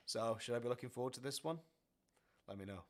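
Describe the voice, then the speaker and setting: A man chatting casually as a music reaction streamer, rambling and excitable with lots of fillers and laughs. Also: mid-range voice, fairly quick. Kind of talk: casual chat over album playback. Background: heavy metal music playing faintly.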